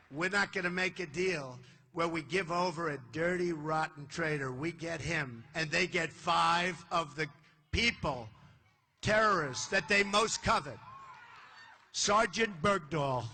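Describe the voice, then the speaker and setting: A man's voice: a little high, animated, unhurried, bright, forceful tone. Older man boasting at a rally. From United States. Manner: boastful, repetitive, punchy phrasing. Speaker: political candidate. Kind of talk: campaign rally speech. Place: large indoor arena.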